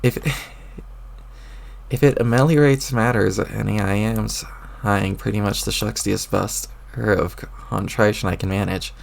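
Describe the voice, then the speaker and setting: A man reads a webcomic aloud a little slowly, his intonation fairly even and his mood apologetic. In a lowered, gravelly voice he plays a clueless young adventurer who rambles and uses old-timey folksy exclamations.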